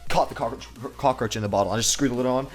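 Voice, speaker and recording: A man's voice: mid-range voice, racing, soft background music. A young man telling a crude, rambling comedic story full of swearing, restarts and asides.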